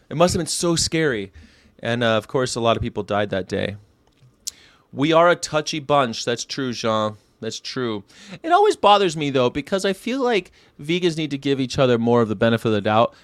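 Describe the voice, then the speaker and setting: With a mid-range voice in clean, dry studio sound, a late-thirties man runs a daily vegan show. He talks history in a casual, irreverent, rambling way, swearing, offering wry commentary and throwing out rhetorical questions.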